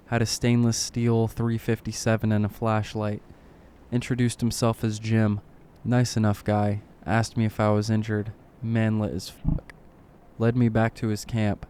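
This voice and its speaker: A man reading a horror story aloud in short clipped lines, keeping his voice low and subdued. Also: darkish tone, slight background noise. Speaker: narrator.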